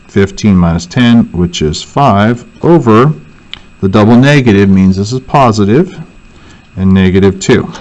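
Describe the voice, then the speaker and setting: Male teacher, lowish voice, talks through math steps aloud, muffled lo-fi screen recording. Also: darkish tone. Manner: thinks aloud, self-correcting. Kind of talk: worksheet walkthrough lesson.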